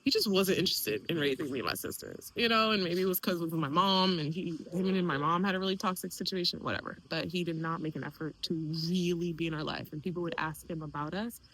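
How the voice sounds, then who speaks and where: A young woman speaking candidly in a personal vlog, emotional and animated, quoting others in lively voices. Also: fairly low pitch, quick pace, few pauses, low-quality recording. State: tearful at times. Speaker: vlogger.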